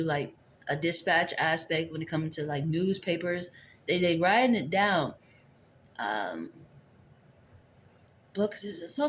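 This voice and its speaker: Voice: medium pitch, slight background noise. An adult tarot reader giving a casual, rambling spiritual reading into a phone camera, returning to the same phrases. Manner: rambling, repeats favorite phrases.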